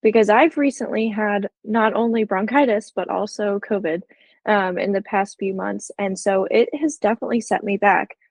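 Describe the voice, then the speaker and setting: A woman's voice: mid-range voice, fairly even intonation, moderate pace, no room sound. A woman co-hosting a health podcast, asking conversational questions. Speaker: podcast co-host. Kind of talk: casual chat, asking questions.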